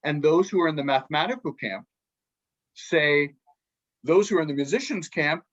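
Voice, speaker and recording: A man, a podcast guest and book author, explaining music ideas in a lively way and acting out quotes from musicians. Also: fairly high pitch, normal speed, pauses often, dull audio. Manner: animated, acts out musicians' quotes, many restarts.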